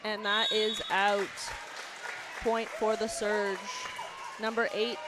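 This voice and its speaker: Flat-voiced woman calling volleyball over crowd. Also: mid-range voice, takes it slowly. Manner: plain, calls serves and points by player number and name. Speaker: play-by-play commentator. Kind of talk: live volleyball commentary. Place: indoor gym. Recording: commentary over loud gym crowd and noise.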